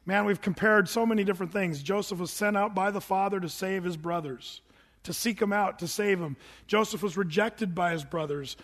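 A man preaching a sermon as pastor, animated and acting out voices with big pitch jumps. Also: moderate pace, big-room sound.

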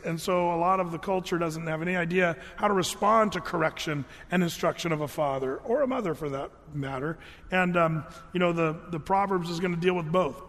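Earnest high-voiced preacher in a hall. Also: male voice, fairly bright tone. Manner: earnest, conversational, with frequent restarts. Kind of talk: sermon. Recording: long hall reverb.

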